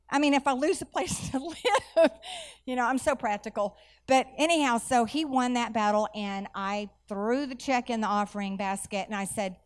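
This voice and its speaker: Animated woman telling church stories. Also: on the high side, moderate pace. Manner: animated storytelling, folksy asides. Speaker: church speaker. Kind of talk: sermon with personal stories.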